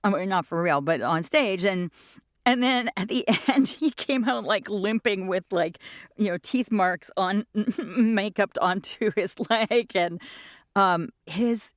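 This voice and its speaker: A woman in her fifties, a stage actor being interviewed, telling stories in a lively, rambling way. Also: mid-range voice, takes it slowly, no echo, studio quality. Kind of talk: casual interview chat.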